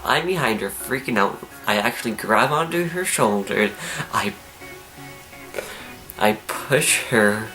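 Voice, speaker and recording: A teenage young man, telling a story to camera in an excitable, animated way. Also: fairly low pitch, takes it slowly, pauses often, soft background music. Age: teens. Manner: excitable, animated, acts out his own screams and whispers. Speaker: vlogger.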